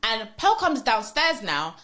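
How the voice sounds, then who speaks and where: Woman on a podcast, fairly high voice, tells her story all animated and acts out what people said. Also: a little slow. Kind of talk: casual chat.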